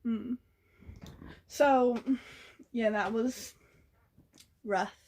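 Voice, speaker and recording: A young woman retells a story straight to camera, loose and slangy. Her voice sits a bit higher than most women's. She talks in a lively, gossipy rush of asides. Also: extremely slow. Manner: chatty, slangy, animated retelling. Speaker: vlogger. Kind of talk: casual storytelling.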